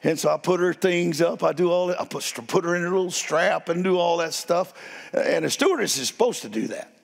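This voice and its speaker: A man preaching as a guest in a church, telling stories in a playful, animated way and laughing along. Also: sits high, brisk, creaky. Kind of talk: storytelling sermon. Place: church sanctuary. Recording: long reverb of a church hall.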